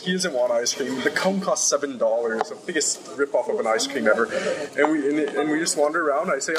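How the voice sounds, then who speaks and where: A young man in casual talk, retelling a story in a rambling, animated way and acting out the dialogue. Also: medium pitch, quick pace, low-quality recording. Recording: crowd noise behind.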